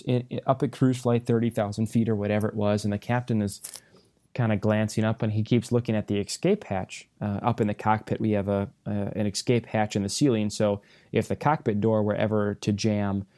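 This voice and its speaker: A male airline pilot hosts his podcast from a hotel room. His voice is low and mellow. He tells stories in a loose, good-humored ramble, often restarting his sentences. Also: dry recording. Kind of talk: casual podcast storytelling.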